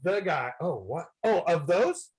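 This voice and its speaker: A man's voice: fairly high pitch, big pitch swings, measured pace, darkish tone, husky, low-quality recording. A man chatting casually as a guest on a video call, rambling and self-deprecating with upbeat energy. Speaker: guest entertainer.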